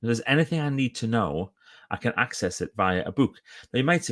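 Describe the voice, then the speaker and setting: A man's voice: mid-range voice, expressive, fairly quick. A middle-aged man chatting enthusiastically on a live stream from his book-lined home office, often stopping and restarting his sentences. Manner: chatty and enthusiastic, self-interrupting. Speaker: author and speaker. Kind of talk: casual live-stream chat. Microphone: phone or camera for a live stream.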